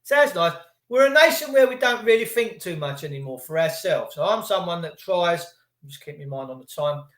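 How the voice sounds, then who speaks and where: Sweary ranting man, high voice. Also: fairly bright tone. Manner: profane, sarcastic, rambling. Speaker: livestream host. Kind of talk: ranting live monologue. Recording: echoey room.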